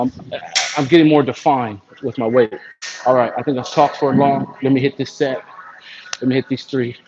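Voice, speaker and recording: An American man chatting casually and rambling on a livestream while at the gym, coaching himself along. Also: medium pitch. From United States. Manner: rambling, self-motivating. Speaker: vlogger. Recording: dull lo-fi sound with steady noise.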